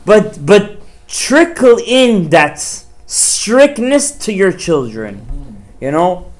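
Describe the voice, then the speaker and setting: A man's voice: high voice, sing-song, drawn-out words. A man, a rabbi, giving a Torah class to parents, firing rhetorical questions at his listeners and dropping Hebrew terms into his talk.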